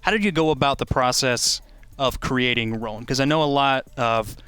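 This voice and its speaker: A man's voice: mid-range voice, normal speed, sharp tone, clear, resonant tone, no room sound. A man interviewing a voice actor, asking long, curious, conversational questions.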